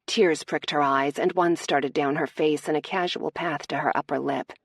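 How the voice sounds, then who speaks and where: A woman reading a romance audiobook aloud in a steady, measured narration. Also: sits low, husky, no room sound, studio quality.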